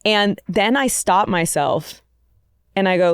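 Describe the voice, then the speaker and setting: A woman's voice: medium pitch, slow, clear, resonant tone, no room sound, studio quality. A woman, a comedian guest, telling a self-mocking story in casual podcast chat, laughing often.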